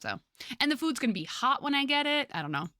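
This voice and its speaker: Bright, chatty young woman streamer. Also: high-pitched, sing-song, quick pace, no echo, clean studio sound. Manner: chatty, laughs often, lots of fillers. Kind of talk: casual chat with viewers.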